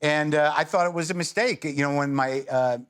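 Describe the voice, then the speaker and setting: A man's voice: on the high side, fairly quick, fairly bright tone, smooth. A middle-aged man telling wry, rambling stories as a talk show guest, with self-deprecating asides. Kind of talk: casual anecdote telling.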